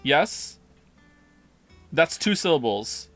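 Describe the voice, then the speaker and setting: Male streamer, rambling casual chat, bright, slightly high voice. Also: animated, normal speed, no room sound, soft background music. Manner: rambling, self-interrupting, reading chat aloud. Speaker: live streamer playing a game. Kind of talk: casual live-stream commentary.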